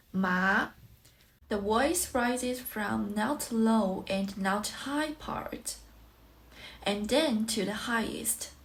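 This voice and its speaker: A woman who speaks Mandarin Chinese natively, teaching a tutorial in English and carefully drawing out example syllables to show each tone. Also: medium pitch. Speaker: language teacher.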